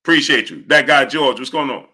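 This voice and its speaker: A man hosting a live stream, greeting viewers by name and repeating catchphrases in a lively way. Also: medium pitch, fairly quick. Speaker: live-stream host reading viewer chat. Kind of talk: casual live-stream chat.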